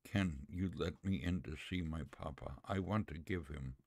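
A man's voice: very deep voice, unhurried, creaky, darkish tone, dry recording, clean studio sound, full character voice. A man voicing a poor orphaned little girl who politely pleads. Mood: pleading.

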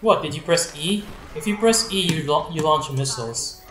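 Male gamer, dry and blunt, a bit high-pitched, swears. Roomy room, faint game music. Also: expressive, normal speed, fairly bright tone. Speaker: gamer playing with friends. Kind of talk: casual let's play chat.

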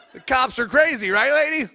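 A man doing a stand-up comedy set, loudly cracking jokes and teasing the audience at a live show. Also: extremely high pitch, gravelly. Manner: loud, fast-joking, teases the audience.

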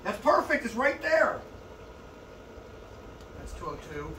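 A man hosting a casual wrestling show, excitable and loud when hyping. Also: extremely high pitch, slow pace. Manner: excitable, loud hype delivery. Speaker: show host. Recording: echoey room from far off with faint noise.

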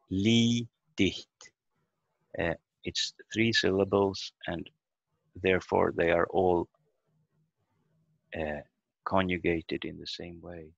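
A man's voice: sits low, gravelly, a bit bright, no room sound. A man teaching a beginner language class online, patient and methodical, breaking words into syllables over a video call. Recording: dull lo-fi video call audio.

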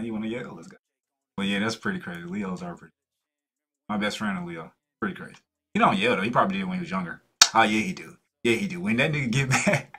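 A man's voice: mid-range voice, fairly bright tone, slightly rough. A young man hosting a reaction video, chatting in a laid-back way and laughing often. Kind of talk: casual reaction commentary.

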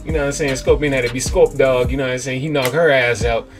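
A young man hosting a gaming channel who recaps the story in rambling, excitable, profanity-laced slang. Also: mid-range voice, fast talker. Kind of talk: let's-play commentary. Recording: game music in background.

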